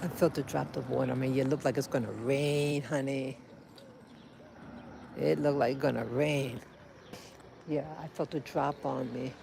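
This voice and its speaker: A woman's voice: rumbling low, steady tone, unhurried, creaky, long pauses, noisy background. A woman vlogging on a walk outdoors, rambling and emotional as she talks to her little boy. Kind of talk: casual walking vlog. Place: outdoors on a street.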